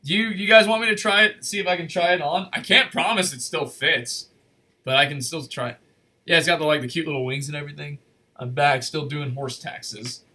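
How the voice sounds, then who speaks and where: A man hosting a casual livestream from his desk, rambling and correcting himself as he chats, his voice going slightly hoarse. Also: a little high, moderate pace, sharp tone. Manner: rambling, chatty, self-correcting. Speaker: livestream host. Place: at a desk in a room.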